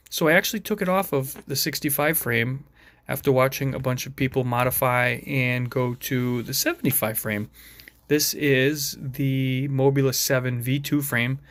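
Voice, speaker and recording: A man's voice: medium pitch, a bit bright, dry recording. Mumbling, chatty man in a dry room. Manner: mumbling, chatty, self-deprecating asides. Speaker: FPV drone hobbyist showing his build. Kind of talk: casual rambling tech vlog.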